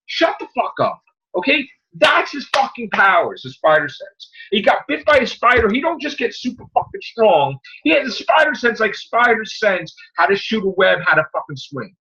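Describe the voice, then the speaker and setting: A man's voice: high voice, very animated, normal speed, bright, forceful tone, highs cut off. A man hosting a podcast, ranting angrily about a movie with lots of profanity and heated, mocking delivery. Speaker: podcast host. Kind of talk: angry movie rant.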